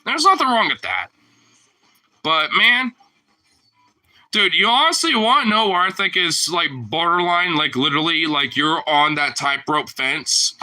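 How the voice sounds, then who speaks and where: A man talking in a casual, rambling monologue, slangy and profane and full of fillers, moving between loud outbursts and low mutters. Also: lively intonation, measured pace, low-quality recording.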